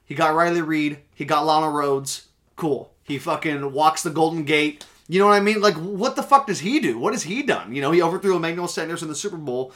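A man's voice: a little high, fairly quick, a bit bright. A young man co-hosting a casual sports podcast, emphatic and opinionated, swearing now and then. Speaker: podcast co-host.

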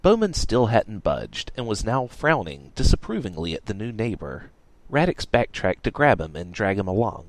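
A man reading a story aloud in a wry, lively storytelling manner. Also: on the low side, moderate pace, no room sound. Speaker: narrator.

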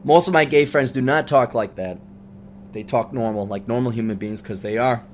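A man's voice: mid-range voice, moderate pace, a little hiss or hum. A middle-aged man hosting a podcast, telling a rambling story in a casual monologue with many restarts. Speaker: podcast host.

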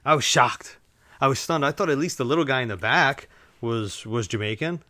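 A man talking through a laid-back solo podcast from home, wandering from thought to thought with plenty of "like"s and teasing asides to his audience. His voice sits at an ordinary middle pitch. The sound is dry and close, with no room around it. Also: lively intonation, fairly quick, bright, forceful tone, no echo. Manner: rambling, filler-heavy, joking asides to listeners. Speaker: podcast host. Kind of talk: casual solo podcast monologue. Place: at home, relaxed, drinking while recording.

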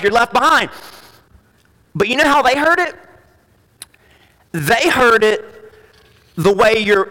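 A male pastor preaching a sermon, moving between quiet, conversational asides and loud, emphatic declarations. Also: high-pitched. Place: church sanctuary. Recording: church hall with long reverb.

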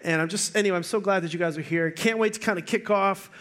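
A man preaching a sermon as pastor, joking, telling stories and talking with lively energy. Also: sits high, fast.

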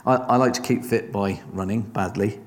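Preacher with a lowish voice in a church hall. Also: male voice, fairly even intonation, moderate pace. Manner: conversational, encouraging, with rhetorical questions. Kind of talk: sermon.

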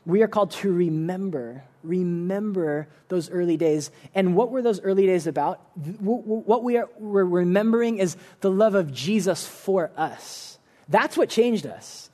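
A man preaches in a church in a warm, high voice at normal speed. His sermon is earnest but casual, full of "like" fillers and sentences he starts over.

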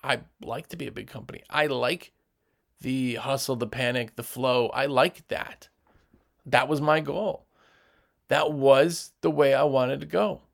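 A man's voice: medium pitch, creaky. A man who runs a window cleaning business, giving direct, emphatic advice to other business owners and acting out what customers say. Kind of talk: motivational business talk.

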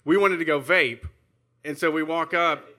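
Bright-voiced man telling a swearing anecdote. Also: fairly high pitch, fairly even intonation, normal speed. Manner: swearing anecdotal storyteller, acts out quotes. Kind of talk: casual chat.

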